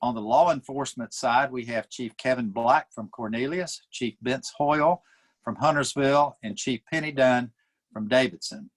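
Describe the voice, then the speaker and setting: Male town mayor, mid-pitched voice, hosting, fillers, video call. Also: normal speed. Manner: warm introductions with many fillers. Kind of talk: introducing panelists.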